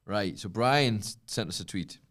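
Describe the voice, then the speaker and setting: A man's voice: on the low side, normal speed. A man co-hosting a wrestling podcast, chatting casually and laughing as he reads out jokes. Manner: lively, laughs through his reading. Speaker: podcast co-host. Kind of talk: casual chat.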